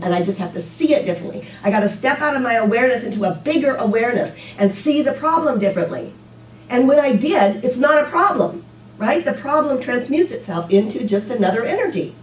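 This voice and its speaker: A woman minister giving a relaxed, conversational sermon, often saying "you know" and getting lively when she tells stories. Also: fairly high pitch, a little hiss or hum. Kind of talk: informal sermon. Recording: echoey room, mic at a distance.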